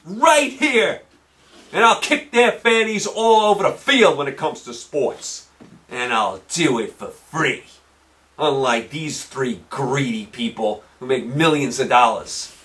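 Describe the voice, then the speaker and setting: A man's voice: mid-range voice, big pitch swings, unhurried, bright, forceful tone, distant mic. A man hosting his own sports show, ranting brashly in a monologue, with a combative manner and lines repeated for emphasis.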